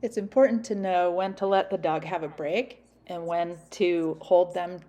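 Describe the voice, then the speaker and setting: A woman dog trainer explaining her method in a calm voice-over narration. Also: lowish voice, moderate pace.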